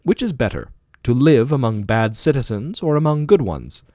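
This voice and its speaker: A man's voice: medium pitch, big pitch swings, normal speed, mellow, no echo, studio quality, close to an everyday voice. A man reading the part of an aging male philosopher defending himself in court, with probing, rhetorical questioning. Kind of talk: audiobook dialogue reading.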